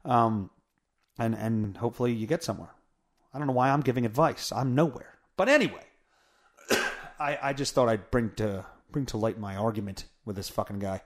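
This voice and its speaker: A man's voice: medium pitch, normal speed. A man hosting his own podcast in a casual, blunt and profane rant, poking fun at himself, recorded at home on a mic with a pop filter. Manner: blunt, profane, self-mocking. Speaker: podcast host. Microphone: studio mic with pop filter through a mixer.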